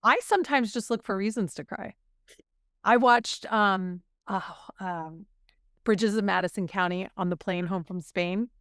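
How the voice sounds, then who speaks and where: In a relaxed podcast conversation, this female co-host talks openly and thoughtfully, letting her emotions show. She speaks at medium pitch, a little slowly, with a clear, resonant, fairly bright tone in a dry, studio-quality recording.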